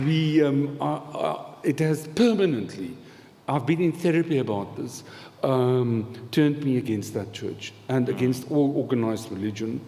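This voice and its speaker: A man's voice: mid-range voice, animated, measured pace, vocal fry, mellow. A man telling a rambling, humorous story about his past as a guest on a live festival panel. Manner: chatty, rambling, laughs often, dry humour. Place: festival event hall. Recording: live hall with reverb, faint noise.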